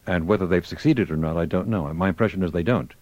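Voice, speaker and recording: A man hosting a radio call-in show, talking in a measured way with some fillers. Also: deep voice, a little mellow, dry recording, lo-fi sound.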